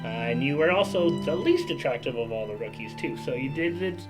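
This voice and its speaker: A man's voice: mid-range voice, expressive, fairly quick, loud music behind the voice, low-quality recording. A man hosting a casual podcast, running the segments and handing turns to his co-hosts. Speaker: podcast host.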